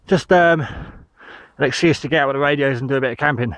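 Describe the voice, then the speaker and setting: A man's voice: medium pitch, fairly quick, a bit bright, no room sound. A man from the United Kingdom vlogging outdoors in a field, slightly out of breath, talking in a rambling way with many ums. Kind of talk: casual outdoor vlog.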